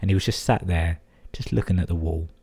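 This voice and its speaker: A young man from England reads listener stories on his podcast in a casual, profane way. His voice sits very low and sounds dark and a bit husky. He keeps stopping to mock the emails with dry, sarcastic remarks. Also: a little fast. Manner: sweary, sarcastic running commentary. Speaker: podcast host.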